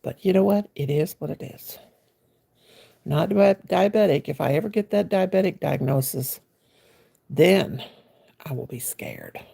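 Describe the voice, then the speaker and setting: A chatty woman, talking to viewers on a phone livestream while she crochets. Her voice is deeply gravelly and husky, and her manner is homey and folksy. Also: lively intonation, a little slow, pauses often, dark tone. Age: 60s. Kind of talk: casual live-stream chat.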